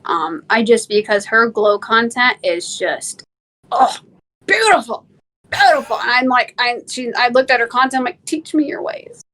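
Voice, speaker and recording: A chatty woman answers interview questions over a remote call. Her voice sits fairly high, and she talks quickly and laughs easily as she tells her stories. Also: pushed and bright. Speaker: guest, content creator. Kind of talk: casual interview chat.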